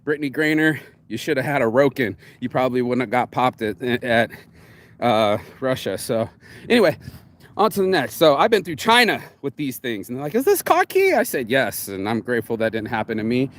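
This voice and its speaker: A man's voice: medium pitch, lively intonation, brisk, fairly bright tone. A man vlogging outdoors, rambling in a candid, confessional way with many fillers and restarts. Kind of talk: casual morning livestream monologue.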